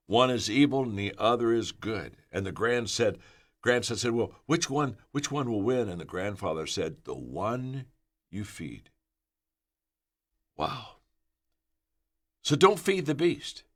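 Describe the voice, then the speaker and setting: Animated, emphatic older male speaker. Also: mid-range voice. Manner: energetic, emphatic, repeats words when excited. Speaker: leadership speaker. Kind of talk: motivational talk with storytelling.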